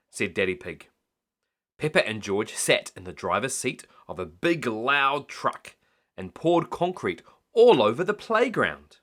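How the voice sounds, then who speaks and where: A man reading a bedtime story aloud in an expressive, animated way. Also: on the low side, a little slow. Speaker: storyteller dad.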